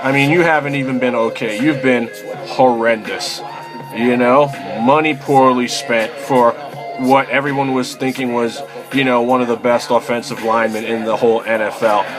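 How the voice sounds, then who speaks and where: A man's voice: mid-range voice, fairly even intonation, normal speed, over music. A man giving a casual, rambling rant as a football fan, exasperated and swearing, with lots of fillers like "you know" and "man".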